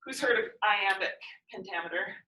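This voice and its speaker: A woman's voice: mid-range voice, normal speed, pushed and bright. A woman teaching a poetry lesson in a classroom, patiently explaining and repeating definitions. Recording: echoey room, mic far off.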